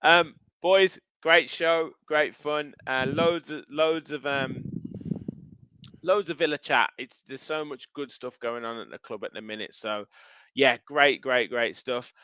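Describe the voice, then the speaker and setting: A man's voice: medium pitch, unhurried, sharp tone, clean tone, dry recording, highs cut off. A man hosting a casual football podcast, chatty and steering the talk. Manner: chatty, runs the show and signs off. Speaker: podcast host.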